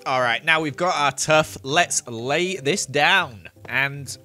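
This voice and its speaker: A man's voice: on the high side, slow pace, pushed and bright, faint music behind. A man giving casual, playful commentary over his own gameplay as a gaming video host. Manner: chatty, playful, jokey. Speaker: gaming youtuber.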